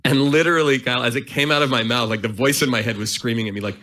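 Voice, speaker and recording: A man in his forties, an author and guest, telling an animated, self-mocking story and acting out his inner voice. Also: mid-range voice, rapid-fire. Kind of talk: storytelling in a conversation.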